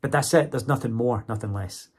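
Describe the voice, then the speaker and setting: Man, casual vlog talk, slightly raspy voice, chatty, keeps asking "right?". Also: medium pitch, brisk, darkish tone. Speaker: vlogger and English teacher.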